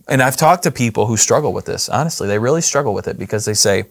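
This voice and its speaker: A man's voice: mid-range voice, expressive, fast talker, vocal fry, few pauses, no echo, clean studio sound. A man co-hosting a casual Bible discussion, talking in a loose, conversational way with frequent restarts and asides. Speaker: Bible study co-host.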